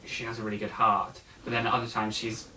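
A man with a fairly low voice, discussing a film in relaxed conversation. He speaks thoughtfully, pausing often with ums and restarts. A faint hiss sits under the recording. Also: low-quality recording. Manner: thoughtful, hesitant, many fillers.

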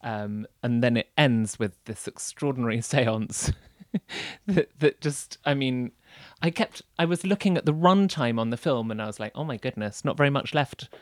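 A man of middle pitch, talking through a film in relaxed conversation. He is articulate and analytical, restarting phrases as he thinks. The sound is dry and close, with no room echo. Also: unhurried. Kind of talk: casual film discussion.

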